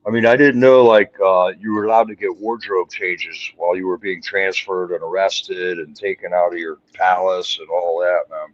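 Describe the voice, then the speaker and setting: A man's voice: deep voice, flat delivery, normal speed, hardly any pauses, highs cut off, a little hiss or hum. A man in his sixties hosting a casual streamed chat, drawling and ending lines with "man". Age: 60s. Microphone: video call.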